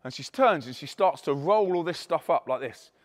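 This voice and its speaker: At a moderate pace and a somewhat high pitch, a man who works as a Christian youth speaker recounts his testimony emphatically to a crowd. He brings real energy, voicing the quoted dialogue, and the recording has a large-room sound.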